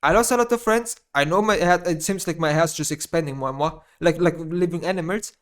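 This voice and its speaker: A man ranting in a gaming vlog monologue, speaking non-native English with blunt swearing, repeating his phrases and swinging between muttering and loud outbursts. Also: a little high, a little fast, hardly any pauses. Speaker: gaming YouTuber.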